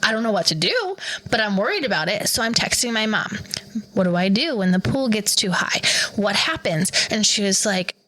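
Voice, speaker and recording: A woman's voice: mid-range voice, sing-song, moderate pace, pushed and bright, rough recording. A woman in her thirties, a podcast co-host, animatedly retelling a story in casual chat and acting out the quoted voices.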